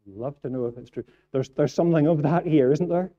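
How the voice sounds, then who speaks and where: A man's voice: a little high, a little fast, mellow, highs cut off. A man preaching a sermon in church, earnest and repeating phrases for emphasis. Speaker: pastor.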